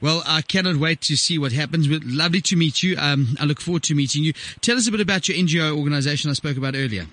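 A man hosts a radio show and talks quickly in a chatty, casual way. His voice is close and dry on a studio microphone. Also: fairly high pitch, a bit bright, dry recording. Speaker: radio host. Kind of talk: radio interview.

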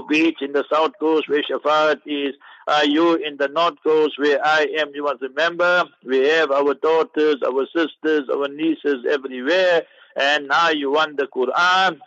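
Animated South African man answering questions. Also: a little high, dry recording, lo-fi sound. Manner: animated, preachy, playful with wordplay.

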